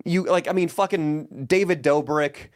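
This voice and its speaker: Brief: podcast co-host, man, fairly high voice, dry wit, measured asides. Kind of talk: casual chat.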